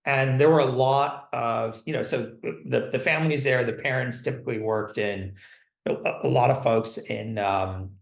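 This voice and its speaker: A man's voice: mid-range voice, normal speed, vocal fry, reverberant. A man answering interview questions about his career in a rambling, conversational way, with frequent restarts and fillers. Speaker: guest, company CFO.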